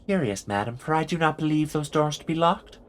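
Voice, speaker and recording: A man's voice: lowish voice, level tone, moderate pace, bright, forceful tone. A man voicing a stiffly formal, old-fashioned woman in a game, speaking in archaic thee-and-thou phrasing. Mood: stately. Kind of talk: game voice acting.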